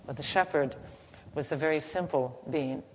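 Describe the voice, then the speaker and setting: A woman teaching in a gentle, unhurried, halting way, softly chanting at times, in a reverberant hall. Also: sits low. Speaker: spiritual teacher. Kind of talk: devotional teaching talk. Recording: reverberant hall, faint background noise.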